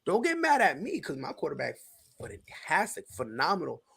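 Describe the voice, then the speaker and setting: A man hosting a sports talk show, joking loudly and acting out little scenes as he argues. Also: high-pitched, wildly swooping pitch, fast, gravelly, slightly rough. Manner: loud, joking, acts out voices. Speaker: show host.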